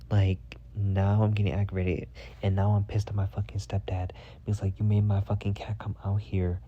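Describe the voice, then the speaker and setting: A man hosting a podcast, telling a casual story full of swearing, jumping to a high voice when he quotes himself. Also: brisk, dull audio. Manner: profane, animated, jumps to a high voice when quoting himself. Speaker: podcast host.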